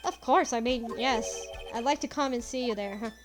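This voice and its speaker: A woman voicing a calm, polite young woman lawyer who coaxes people to talk. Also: on the high side, normal speed, music in the background, close to an everyday voice. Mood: coaxing. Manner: polite, coaxing.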